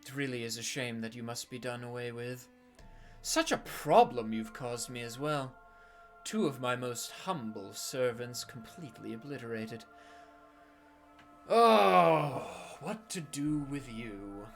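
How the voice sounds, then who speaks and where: A man voicing a cold, condescending spectral villain lord who speaks slowly and mockingly over faint music. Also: mid-range voice, lively intonation, vocal fry. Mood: mocking, menacing. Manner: slow, drawn-out, mocking and condescending.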